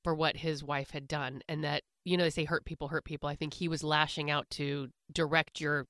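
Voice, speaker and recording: A co-host talks calmly in a sympathetic, reflective way during casual conversation. The recording is dry. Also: medium pitch, brisk, no echo. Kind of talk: casual chat.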